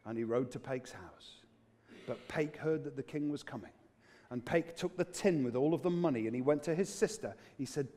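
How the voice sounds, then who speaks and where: A man with a British English accent telling a folk tale live, in an animated, dramatic and playful way. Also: medium pitch, normal speed. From Britain. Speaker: storyteller.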